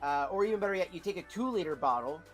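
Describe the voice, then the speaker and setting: A man telling a rambling, profane story to his live chat as a streamer, in a casual, animated way. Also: high voice, fast talker, soft background music.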